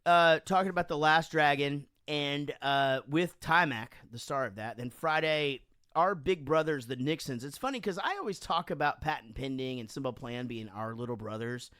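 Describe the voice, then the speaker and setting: A fairly high-voiced man chatting loosely on a podcast. He jokes, gets excitable and talks over his co-host. The sound is dry and close, from a home studio mic. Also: normal speed, clear, resonant tone, dry recording. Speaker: podcast co-host and band member. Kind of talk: casual drunken podcast chat.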